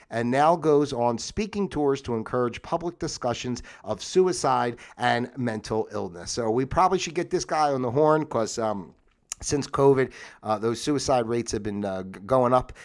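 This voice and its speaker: A middle-aged man with a medium-pitched, slightly mellow voice hosts a casual livestream on a phone mic. He reads out facts in a rambling, jokey way, constantly interrupting himself with asides.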